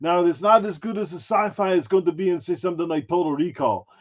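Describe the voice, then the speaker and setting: A brash, self-promoting action-movie star holds forth, as a man does the impression, crude and full of swagger. The voice sits fairly high, and the audio is dull and muffled. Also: steady tone, brisk, vocal fry, breathy edge, full character voice. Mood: boastful. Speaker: guest impressionist. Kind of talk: podcast chat in character.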